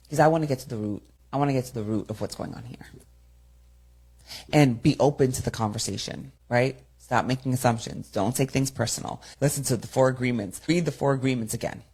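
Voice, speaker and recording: A woman hosts her own podcast as a communication coach. Her voice sits low with a gravelly edge. She speaks directly and repeats key phrases for emphasis. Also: a little mellow. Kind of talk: solo podcast talk, coaching.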